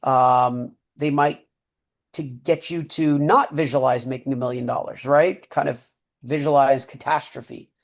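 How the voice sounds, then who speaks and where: A man's voice: medium pitch, steady tone, measured pace, gravelly. A man who mentors traders, guiding a group through a breathing and mindset exercise on a webinar and checking in with "okay?" and "right?" as he goes. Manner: coaching, repeats "okay?" and "right?". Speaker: trading mentor leading a webinar.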